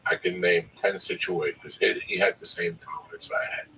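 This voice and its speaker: A man's voice: sits low, normal speed, gravelly. A middle-aged man with a New York accent, a stand-up comedian telling blunt, profane stories in casual chat. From New York City. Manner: blunt, profane, excitable storytelling. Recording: distant mic, faint background noise.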